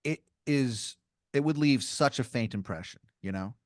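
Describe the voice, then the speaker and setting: A man's voice: mid-range voice, normal speed, no room sound, clean studio sound. A man hosting an improv podcast, narrating a made-up scene in second person with casual fillers. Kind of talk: improvised storytelling, game-master style.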